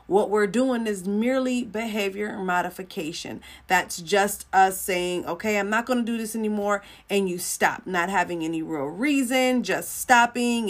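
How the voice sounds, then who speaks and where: A woman hosting a livestream and teaching about faith in a casual, conversational way, repeating phrases for emphasis. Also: mid-range voice. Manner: acts out little dialogues in shifting voices.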